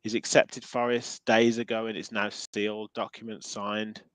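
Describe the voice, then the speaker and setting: This podcast host is a Midlands man who chats casually about football and reads viewer comments aloud, filling gaps with lots of ums. He speaks at a normal speed in a lowish, level, slightly bright voice. The recording is rough but free of room sound.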